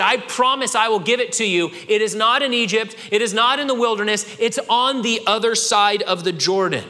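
A man preaching a sermon with animated delivery, acting out the voices of people in the scripture he quotes. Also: high voice, big-room sound. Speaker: pastor.

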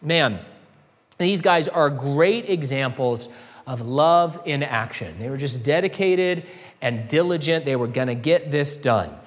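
A male pastor delivers an earnest, conversational sermon, his somewhat high voice ringing with a long reverb through a church sanctuary. He asks his listeners rhetorical questions as he preaches. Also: animated, a little slow.

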